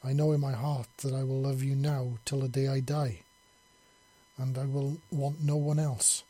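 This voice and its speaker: A man's voice: medium pitch, normal speed, warm tone, husky. A man voicing an earnest young human man in love, speaking in a heartfelt way.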